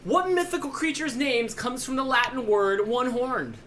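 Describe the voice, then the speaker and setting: A man hosting a live call-in trivia game show from home, talking fast and joking as he rambles between questions. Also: very high-pitched, expressive, bright, forceful tone, slight background noise. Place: home studio.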